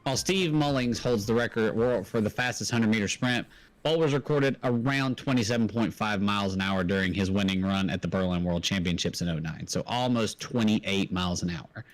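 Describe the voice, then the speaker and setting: A man's voice: lowish voice, a little fast, rough recording. A man co-hosting a livestreamed trivia game, rambling in casual banter and laughing easily. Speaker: trivia co-host.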